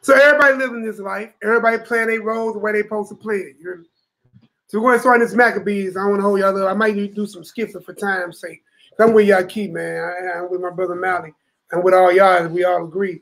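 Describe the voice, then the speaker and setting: A man's voice: sits high, steady tone, fast, fairly bright tone, poor audio. A man teaching a Bible study to a room of brothers, preaching emphatically and often asking "you know what I'm saying?".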